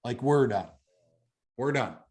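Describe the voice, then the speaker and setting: A man's voice: medium pitch, expressive, slow pace, a little mellow. A middle-aged man from Canada, telling a personal story as an interview guest in a blunt, conversational way, swearing freely and repeating phrases for emphasis. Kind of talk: candid storytelling.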